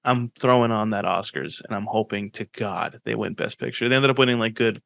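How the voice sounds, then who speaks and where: A young man co-hosting a podcast, chatting casually and animatedly, swearing freely and quick with opinions. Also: on the low side, vocal fry, a bit bright. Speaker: podcast co-host. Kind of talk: casual chat.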